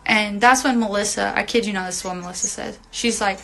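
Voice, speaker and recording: A woman's voice: medium pitch, fairly even intonation, fairly quick, creaky, bright, forceful tone, a little hiss or hum, low-quality recording. A young woman telling a long story on a phone livestream, rambling with lots of fillers and casual swearing. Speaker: reality TV personality on a livestream.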